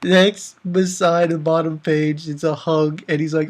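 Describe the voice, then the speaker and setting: A man hosting a casual manga review vlog. He laughs often and swings between loud outbursts and mumbled asides. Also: a little high, flat delivery, moderate pace, few pauses. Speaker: manga reviewer, channel host.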